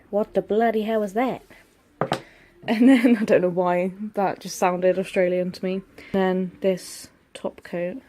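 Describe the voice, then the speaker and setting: A woman's voice: medium pitch, darkish tone. A young heavily pregnant woman chatting casually to camera at home, chatty and self-deprecating. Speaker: vlogger. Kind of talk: casual vlog chat to camera. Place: home, indoors, washing machine running. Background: washing machine hum.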